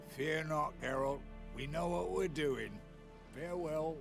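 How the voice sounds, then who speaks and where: Gravelly, slangy rogue for a game, music underneath. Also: male voice, fairly high pitch, slow pace. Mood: cocky. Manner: slangy, cocky, rough. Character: crafty cheeky male schemer, adult. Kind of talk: video game dialogue.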